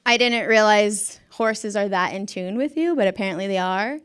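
Chatty young woman with a smooth voice. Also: mid-range voice, moderate pace, fairly bright tone. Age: young adult. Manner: chatty, self-mocking, acts out quotes, laughs often. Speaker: former schoolteacher. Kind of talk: casual storytelling.

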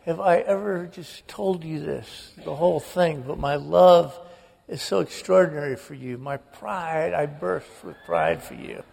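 A man's voice: fairly high pitch, expressive, a little slow, vocal fry, a little mellow, husky, exaggerated voice. A man doing a gushing old father. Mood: mock gushing. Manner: effusive, mock-sentimental. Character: gruff aging father gushing with love. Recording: long hall reverb.

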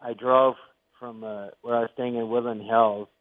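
An older man, a comedian being interviewed, telling stories in an animated way and acting out the voices he quotes. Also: mid-range voice, normal speed, dry recording. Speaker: guest comedian. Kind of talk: interview storytelling. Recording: tinny phone-like line, dry.

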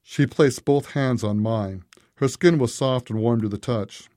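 Dark-voiced man narrating a story. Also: mid-range voice, unhurried, no echo, studio quality. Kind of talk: scripted narration.

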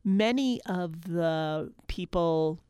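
A woman's voice: on the low side, drawn-out words, dark tone, clear, resonant tone, dry recording, clean studio sound. A middle-aged woman, a folklorist guest on a radio interview, speaking thoughtfully and often repeating words while she searches for them. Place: radio studio. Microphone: studio microphone.

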